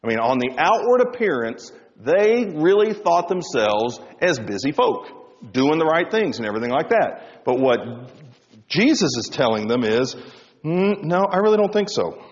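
A male pastor preaching a sermon, swinging between loud emphasis and hushed low tones. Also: sing-song, normal speed. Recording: dull sound with long reverb in a hall.

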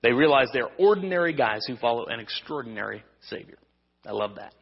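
Guy preaching a sunday night sermon, kinda husky, big echoey church, muffled recording. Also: medium pitch, expressive, fairly quick. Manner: conversational preaching with restarts and humor. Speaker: pastor. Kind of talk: evening sermon.

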